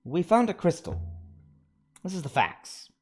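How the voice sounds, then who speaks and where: A man's voice: sits high, sing-song, unhurried, a little mellow, husky, faint music behind, voice pushed up, exaggerated voice. A man voicing a blunt, matter-of-fact young woman explorer while reading game dialogue aloud.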